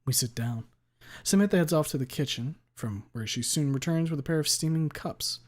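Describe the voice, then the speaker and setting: A man reading a visual novel aloud in the first person, with a steady, even delivery. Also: on the high side, a little fast. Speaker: narrator.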